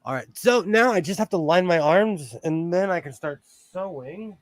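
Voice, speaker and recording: A man chats casually on his sewing livestream, laughing often as he reads comments aloud. His voice sits a little high and swings widely in pitch. He talks at an unhurried pace, and the sound is close and dry. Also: lively intonation, no echo.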